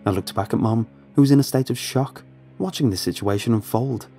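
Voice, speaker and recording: A man narrating a first-person horror story in a measured, suspenseful way. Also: mid-range voice, dark tone. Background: faint music.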